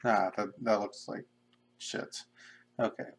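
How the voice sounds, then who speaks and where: A young man casually talking to himself in a flat monotone while drawing pixel art on a live stream. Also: fairly low pitch, takes it slowly, slight background noise. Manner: mumbling to himself, self-described monotone. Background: keyboard typing and clicking.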